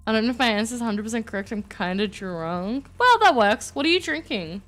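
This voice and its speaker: Excitable, high-voiced woman streamer. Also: a little fast, hardly any pauses. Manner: excitable, loud and gushing. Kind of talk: casual live-stream chat.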